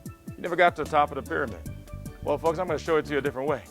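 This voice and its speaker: A man teaching medical exam material and describing his prep program, animated and vivid, acting out heart sounds. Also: a little high, very fast, faint music behind. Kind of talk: lecturing and promotional interview.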